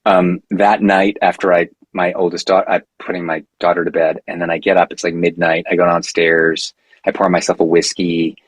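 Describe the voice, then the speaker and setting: A man in his forties, a guest on a podcast, telling a long personal story in a casual, animated way with many fillers and restarts. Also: sits low, normal speed, breathy edge, no room sound, low-quality recording.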